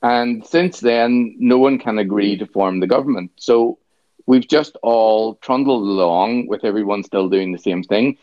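Deadpan Northern Irish man, dry sound. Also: on the low side, unhurried, no room sound. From Northern Ireland. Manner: sardonic, deadpan joking. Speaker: podcast host. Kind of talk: casual chat. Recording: dry, slightly dull sound.

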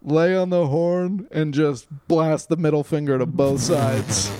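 On a podcast, a male comedian tells a story in casual conversation, swearing freely, staying animated, and laughing at himself. His voice sits on the high side, he speaks slowly, and the background is noisy.

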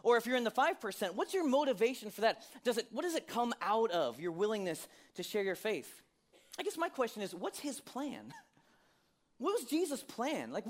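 A man preaching a sermon as a pastor, talking in a conversational way, asking many rhetorical questions and laughing often. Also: high voice.

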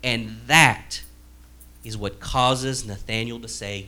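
A man's voice: fairly low pitch, fairly even intonation, slow, bright, forceful tone. A male pastor giving a conversational sermon, acting out quoted dialogue with a sarcastic edge.

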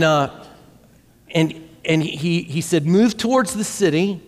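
A man's voice: a little high, big-room sound. A pastor in his forties tells a story in a conversational sermon style and often repeats words as he goes. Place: church sanctuary.

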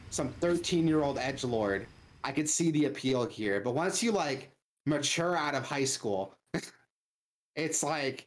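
A man's voice: a little high, a little hiss or hum. Male co-host, loose profane rant, casual gaming talk. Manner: loose, profane ranting with lots of "like". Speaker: podcast co-host.

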